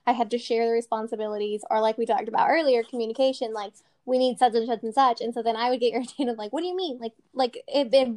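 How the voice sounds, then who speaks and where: A woman in her thirties co-hosting a podcast in casual chat, talking quickly and loosely, peppering her talk with "like" and laughing often. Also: fairly high pitch, steady tone, a little mellow. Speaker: podcast co-host.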